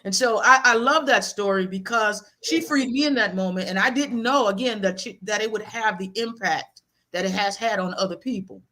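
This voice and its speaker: Animated bright-voiced woman storyteller. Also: medium pitch, moderate pace. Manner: animated, laughing often. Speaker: guest author. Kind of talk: personal storytelling in an interview.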